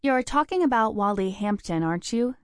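A woman's voice: mid-range voice, expressive, fairly quick, no echo, studio quality, close to an everyday voice. A woman reading the part of a playful young woman in her twenties, a teasing best friend who talks in an upbeat, sing-song way. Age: 20s.

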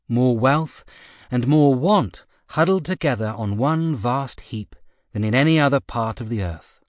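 A man narrating a nonfiction audiobook in a measured, expressive reading from a close studio mic. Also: medium pitch, no room sound.

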